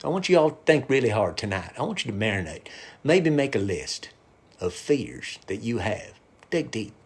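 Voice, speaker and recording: A man's voice: medium pitch, very animated, normal speed, breathy edge. Loose, rambling man on a live stream. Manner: rambling, loose and irreverent, drops into a hushed whisper at times. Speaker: musician and comedian streaming live. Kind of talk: casual live-stream talk to viewers.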